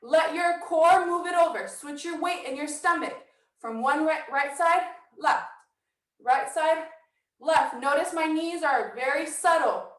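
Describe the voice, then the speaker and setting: A woman teaching a dance workshop, coaching brisk and counting steps, a little out of breath. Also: sits high, a bit bright, roomy sound, distant mic, rough recording. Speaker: dance instructor. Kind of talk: online dance workshop instruction. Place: house.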